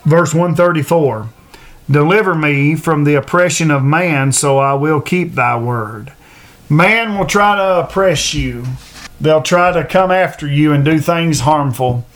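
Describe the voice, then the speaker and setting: High-voiced preacher giving an earnest sermon. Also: male voice, fairly bright tone. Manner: earnest, repeats phrases for emphasis, slows to read verses aloud. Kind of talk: sermon on a Bible passage.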